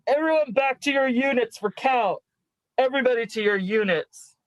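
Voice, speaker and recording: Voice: mid-range voice, normal speed, no room sound, natural voice, low-quality recording. A non-actor voicing a gossipy female prison officer in an amateur live script reading over a video call, with hesitant, unpolished delivery. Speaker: script reader.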